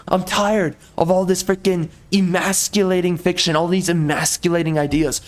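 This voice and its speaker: A man's voice: high voice, moderate pace, few pauses. A man ranting as he commentates over gameplay, exasperated and heated, repeating himself and swapping in mild stand-ins for curses.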